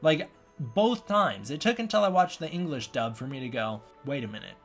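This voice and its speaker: Guy rambling through a movie review, kinda high voice, trips over his words a lot. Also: very animated, moderate pace, faint music behind. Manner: rambling, repeats and restarts himself. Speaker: film reviewer. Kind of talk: casual spoken film review.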